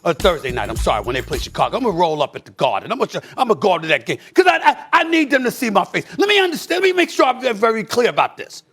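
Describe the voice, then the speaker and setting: A man hosting a sports debate show, talking. His voice sits very high for a man, and he rants with real heat, breaking into shouts. The delivery is animated and emphatic throughout. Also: rapid-fire, hardly any pauses, husky, soft background music. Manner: loud, animated ranting with shouted bursts. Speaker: sports talk show host. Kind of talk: heated sports commentary.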